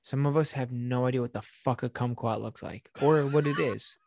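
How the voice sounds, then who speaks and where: A man's voice: mid-range voice, moderate pace, gravelly, a little mellow. A man chatting casually on a podcast, crude and sarcastic, swearing freely. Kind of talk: casual chat.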